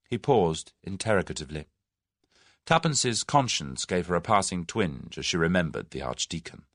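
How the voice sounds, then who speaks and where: Low, gravelly male audiobook narrator. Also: lively intonation, normal speed, a bit bright, dry recording, studio quality. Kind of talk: scripted narration.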